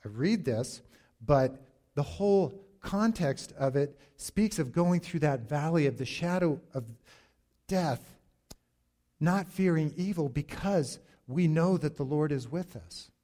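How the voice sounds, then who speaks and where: A middle-aged male pastor preaching a sermon in a slow, deliberate way, pausing for emphasis. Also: a little high, lively intonation, mellow.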